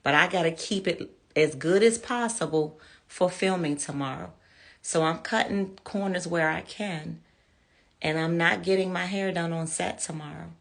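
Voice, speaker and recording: A woman's voice: lowish voice, normal speed, gravelly, a bit bright. Chatty, candid woman in her fifties. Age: 50s. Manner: chatty, candid, addresses viewers as y'all. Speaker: show host. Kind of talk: casual testimony to viewers.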